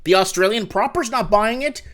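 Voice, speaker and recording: A man hosting a live call-in show from his home, talking in an animated rant that swings between low mutters and loud outbursts. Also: normal speed. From Canada. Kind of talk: excited casual live-stream rant. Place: home room with window open.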